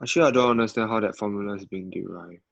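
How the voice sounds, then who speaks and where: Man, student, low voice, hesitant, stumbling questions, dull lo-fi audio. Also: rapid-fire, gravelly. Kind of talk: tutoring session.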